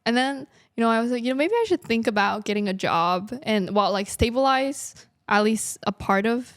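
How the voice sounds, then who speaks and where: A woman's voice: on the high side, expressive, moderate pace, dry recording, studio quality. A woman in her twenties, a guest in a casual interview, talking in a chatty way with lots of laughs and fillers. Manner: chatty, laughing, frequent likes. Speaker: guest, artist and streamer.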